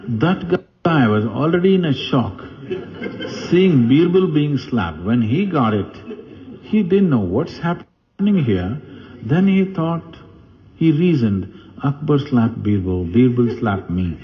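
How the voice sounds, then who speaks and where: A man's voice: on the high side, very animated, slow, dull audio. A man giving a spiritual talk, telling stories with animation and asking the audience questions. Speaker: spiritual teacher. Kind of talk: spiritual discourse with storytelling.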